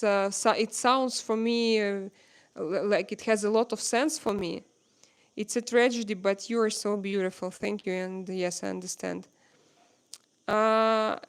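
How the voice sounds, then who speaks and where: A young woman with a Russian accent, a native Russian speaker hosting a casual livestream, reading viewer comments aloud in halting English full of fillers. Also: mid-range voice, clear, resonant tone. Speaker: livestream host.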